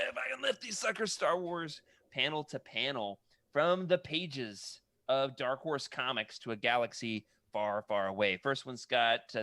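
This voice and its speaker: A man's voice: medium pitch, a bit bright, no room sound, clean studio sound. A man co-hosting a casual chat, rambling and correcting himself as he stumbles over names. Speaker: podcast co-host. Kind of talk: casual chat about comic art books.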